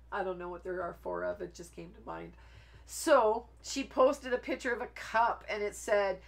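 A woman talks her viewers through a card making live stream. She rambles from topic to topic in a loose, chatty way and breaks into laughter often. Her voice sits at an ordinary middle pitch for a woman. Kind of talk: casual live stream chat while crafting.

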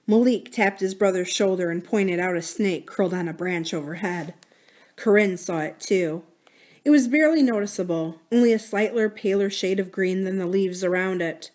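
Woman library reader, middle pitch, expressive and dramatic children's read-aloud. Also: moderate pace. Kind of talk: reading a children's novel aloud.

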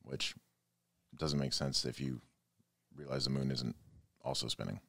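Very deep-voiced man, casual podcast chat. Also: fairly even intonation, measured pace, vocal fry, fairly bright tone, no echo, studio quality. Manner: reads news aloud with offhand jokes. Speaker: podcast guest. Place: podcast studio.

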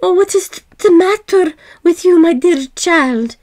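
A tender old peasant wife in a read-aloud fairy tale, as a woman puts her on. Her voice rides high and swings widely, bright and eager. She speaks slowly, full of fondness. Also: very animated, exaggerated voice.

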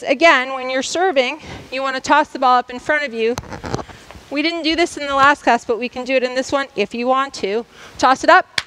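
A woman's voice: high-pitched, a bit bright, a little hiss or hum, rough recording. A woman coach demonstrating tennis drills for a class in a school gym, explaining each step and checking in often. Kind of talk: instructional demonstration.

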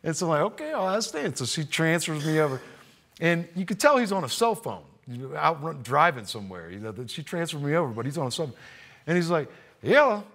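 Animated man telling a story, lively voice. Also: a little high, fast talker. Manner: animated, acts out quoted voices. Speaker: roofing contractor and trainer. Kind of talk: casual storytelling to camera.

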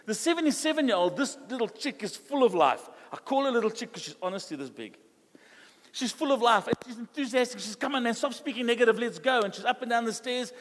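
A man with a South African English accent preaching a sermon in a conversational, animated way, acting out quoted dialogue. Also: very high-pitched, fairly quick. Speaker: pastor. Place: church hall. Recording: live church hall reverb.

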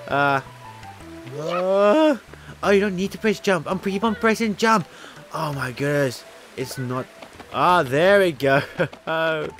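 A man giving playful let's-play commentary at a desk mic, giggling and shouting with excitement as he plays. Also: fairly high pitch, takes it slowly, long pauses, faint music behind. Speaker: gaming youtuber. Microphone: desk microphone with headphones.

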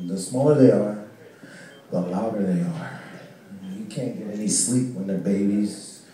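A male stand-up comedian doing a set in a small club, telling stories in a profane, animated way and shouting out quoted lines. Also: fairly low pitch, slight background noise. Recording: echoey club audio from far off.

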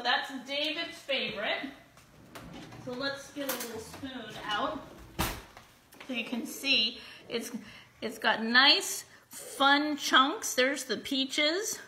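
A bubbly live giveaway host fries tortilla chips in her home kitchen, chatting with viewers and whooping often. Her high, expressive voice is bright and forceful at a slow pace. She's far from the mic, slightly off-mic, with roomy echo and faint room noise.

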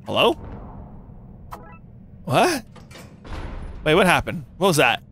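A young man giving playful, animated commentary while playing a game, with quick reactions and jokey cries of pain. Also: fairly high pitch, slight background noise. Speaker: gaming YouTuber.

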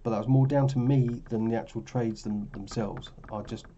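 A man's voice: mid-range voice, steady tone, normal speed, mellow, lo-fi sound, slight background noise. Tired man talking through charts. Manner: rambling, self-correcting, tired and yawning. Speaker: forex trading vlogger. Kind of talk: casual screen-share commentary.

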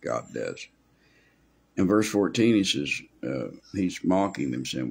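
A male preacher delivering a verse-by-verse sermon in a very low, gravelly voice. He talks in a folksy, rambling way, with homespun asides. His tone is a little husky. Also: sing-song, slow, darkish tone. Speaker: pastor.

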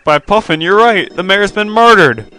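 A man's voice: sits high, expressive, normal speed, bright, forceful tone, voice pushed up. A man voicing a pompous, self-important penguin detective who talks in an officious, stern way.

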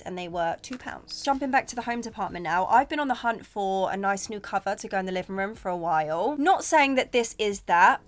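A woman's voice: mid-range voice, a bit bright. A young British woman with a British accent, chatting casually through a shopping haul, full of fillers and frank, sweary asides. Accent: British English. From Britain. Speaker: vlogger.

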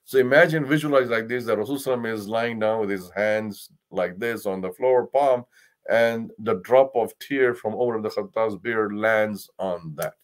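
A man, an imam, giving a Quran lesson, telling stories with swings from loud to hushed and reciting Arabic verses quickly. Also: fairly low pitch.

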